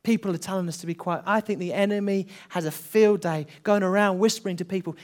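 A man preaching a Pentecostal sermon to his church, earnest, swinging between hushed passages and loud, building calls, and often repeating himself as he restarts. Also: high voice, fairly even intonation, fast, hardly any pauses.

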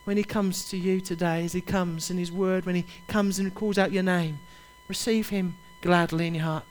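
A man's voice: high-pitched, steady tone, normal speed, few pauses. A man preaching a sermon, urging his listeners directly and repeating his key phrases with passion. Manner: impassioned, repetitive, urges listeners directly.

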